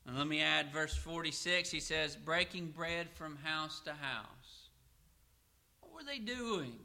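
Bright-voiced man preaching a sermon. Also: sits high. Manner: asks and answers his own questions; slows down to read scripture aloud.

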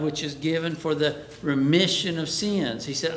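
A man's voice: moderate pace, hardly any pauses. A man preaching a Bible class sermon, who asks the class questions and then answers them himself. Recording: echoey room, faint background rumble.

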